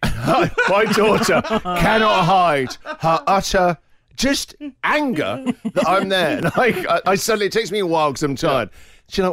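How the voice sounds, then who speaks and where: A man's voice: high-pitched, a little slow, a crowd in the background. A middle-aged man hosting a radio show, telling a funny story in casual chat with jokes and laughter. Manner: animated, jokey, laughing storyteller.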